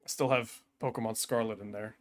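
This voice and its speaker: A man's voice: fairly low pitch, fairly even intonation, normal speed, slight background noise. A man chatting casually on a live stream, hesitant with frequent ums and restarts.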